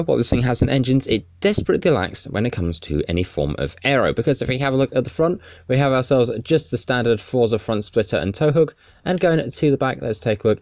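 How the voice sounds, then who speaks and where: A man's voice: medium pitch, a little mellow, no room sound, clean studio sound. Upbeat man narrating gameplay. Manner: upbeat, wry, playful emphasis. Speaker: car game video host. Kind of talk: casual gameplay walkthrough commentary.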